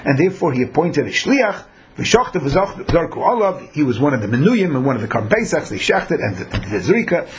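A man's voice: on the high side, big pitch swings, brisk, a little hiss or hum. A man teaching a Talmud class who acts out the people in his examples. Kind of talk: Talmud lecture.

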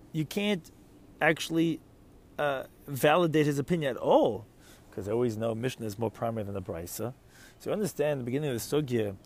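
A man's voice: medium pitch, a little mellow. A man giving a Talmud lecture, reading Aramaic phrases and explaining each one in English, often posing questions to his listeners. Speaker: Talmud teacher.

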